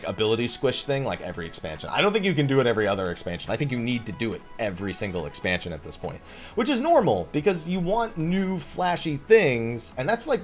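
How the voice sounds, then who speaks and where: A man hosting a casual Q&A, reading viewer questions aloud and answering bluntly with jokes. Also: medium pitch. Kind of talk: casual Q&A chat about a video game.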